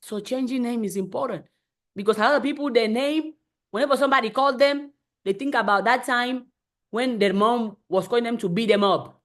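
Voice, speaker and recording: A woman with a high voice hosts a motivational live stream. She talks emphatically, hammering home her points by repeating phrases. She often slips into acted voices when she quotes people. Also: brisk.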